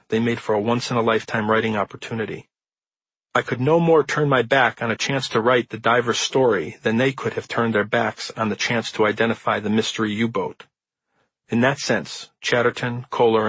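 A man reading the introduction to his own nonfiction book as an audiobook, in measured, earnest storytelling. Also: medium pitch, a bit bright, breathy edge, no echo, rough recording. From Midwestern United States. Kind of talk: audiobook narration.

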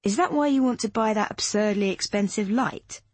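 A woman's voice: medium pitch, normal speed, no echo, lightly acted. A woman voicing a practical man who grumbles in a dry, unimpressed way. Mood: grumbling. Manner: grumbling, deadpan.

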